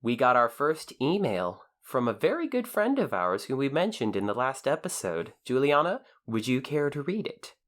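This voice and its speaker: A man's voice: mid-range voice, sing-song. Earnest man co-hosting a podcast. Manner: earnest, measured, presents news and listener shout-outs. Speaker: podcast co-host. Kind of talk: casual podcast chat.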